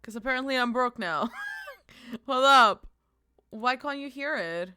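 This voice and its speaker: She's a young woman livestreaming, chatting casually and playfully cursing between giggles and squealed hellos. Her slightly high voice is animated, pushed and bright with a clean tone, a little slow, and recorded in a clean studio without echo.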